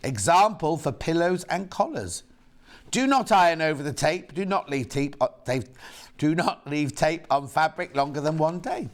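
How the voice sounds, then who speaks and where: A British man hosts a live shopping broadcast in a chatty, camp and playful way. His voice sits a little high and swings widely in pitch as he chats about products and greets viewers. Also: moderate pace. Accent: British English. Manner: chatty, camp and lively, reads out viewer messages. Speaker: shopping channel presenter. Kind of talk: live TV sales chat. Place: TV studio.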